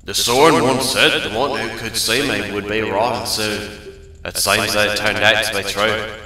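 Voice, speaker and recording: A man's voice: on the low side, steady tone, normal speed, sharp tone, very echoey, poor audio. A man voicing the proud ghost of a male rock-creature warrior, reading solemn, pleading lines. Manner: solemn, pleading game-text read.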